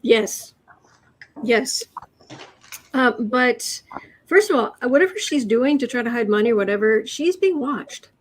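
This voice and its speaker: A woman hosting a casual tarot reading chat, talking haltingly with fillers and restarts. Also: fairly high pitch, expressive. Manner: mimics the person she reads about. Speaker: host, tarot reader.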